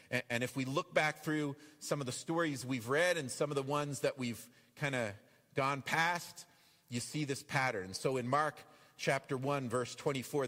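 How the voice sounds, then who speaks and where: A man preaching a sermon as pastor, animated and acting out the voices in the passages he reads. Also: on the high side, long reverb tail. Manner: animated, acts out quoted voices. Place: church.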